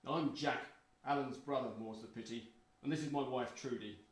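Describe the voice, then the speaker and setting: A man's voice: mid-range voice, fairly even intonation, moderate pace, close to an everyday voice. An actor with a British accent playing a pompous, bullying wealthy man who sneers at his brother in a sitcom. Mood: scornful. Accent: British English. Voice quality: sneering, contemptuous. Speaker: rich brother negotiating a property deal. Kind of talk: sitcom acting.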